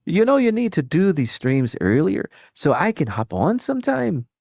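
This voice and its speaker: A man's voice: on the high side, sing-song, measured pace, gravelly, a little mellow, no echo, clean studio sound, voice pushed up, full character voice. A man reading a viewer's message aloud in a put-on, exaggerated Northern Irish accent. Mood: playful.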